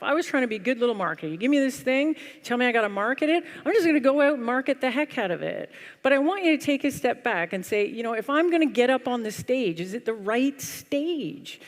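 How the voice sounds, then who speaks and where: A woman giving a humorous keynote talk on stage, telling a story in a lively, wry, self-deprecating way. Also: on the high side. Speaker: conference speaker. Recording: long hall reverb.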